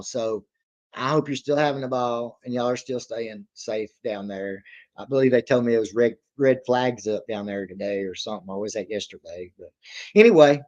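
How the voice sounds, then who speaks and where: A man's voice: medium pitch, a little mellow. Guy rambling on his livestream, folksy, laughs a lot, kinda dull lo-fi sound. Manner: rambling, folksy, laughs often, reads chat aloud. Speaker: livestream reaction host. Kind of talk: casual livestream chat.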